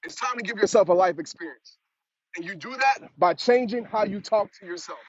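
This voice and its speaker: A man's voice: high voice, fairly quick. A man giving a motivational talk, preaching and repeating phrases for emphasis, out on a road. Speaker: motivational speaker. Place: outdoors on a road. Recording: dull lo-fi sound with clear hiss.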